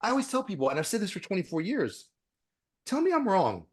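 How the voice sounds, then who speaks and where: A man who is a dentist, a guest on a podcast interview, talking bluntly with profanity and animated storytelling. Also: sits high, fast talker, breathy edge.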